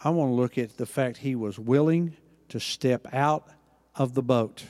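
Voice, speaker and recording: A man preaching a sermon, acting out Bible dialogue with lively emphasis. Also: mid-range voice, measured pace, in a large hall. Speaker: pastor.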